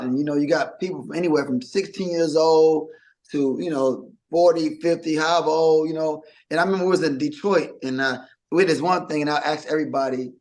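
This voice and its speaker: Middle-aged male musician guest, slightly high voice, animated storyteller. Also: rough recording. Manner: animated storyteller, acts out quotes. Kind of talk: casual interview chat.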